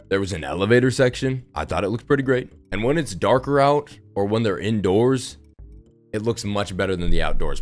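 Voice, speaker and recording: A young man giving casual, sarcastic spoken commentary, who swears freely while riffing on his opinions. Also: on the low side. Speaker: gaming video creator.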